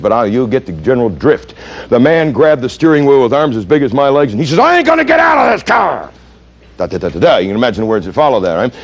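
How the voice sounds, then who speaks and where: A man from the United States who trains police, telling stories in a lecture and quizzing his audience. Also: medium pitch. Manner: animated, punchy storyteller who asks the audience questions. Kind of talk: storytelling lecture.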